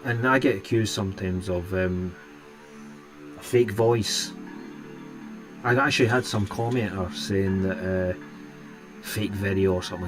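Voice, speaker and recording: A Scottish man hosting a live stream and chatting casually with viewers, rambling and restarting his sentences often. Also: sits low. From Scotland. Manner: rambling, hesitant, many restarts.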